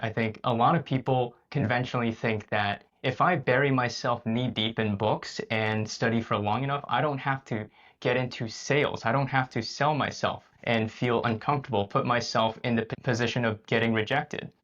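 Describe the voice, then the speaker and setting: A man's voice: mid-range voice, steady tone, fairly bright tone. Podcast host man, slightly muffled audio. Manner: measured, affirming interviewer. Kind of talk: podcast interview questions.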